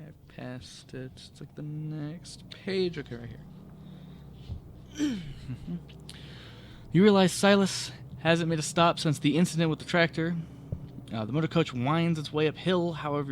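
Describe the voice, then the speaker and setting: A man's voice: fairly high pitch, slight background noise. A man playing a solo tabletop game, reading the adventure aloud and often stopping to correct his own slips. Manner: self-correcting, stumbles and rereads words.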